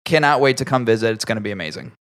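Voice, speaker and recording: A man's voice: medium pitch, big pitch swings, very fast, fairly bright tone. Chatty, laughing podcast host, a man. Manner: chatty, laughs often, swears casually. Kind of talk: casual chat. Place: home basement.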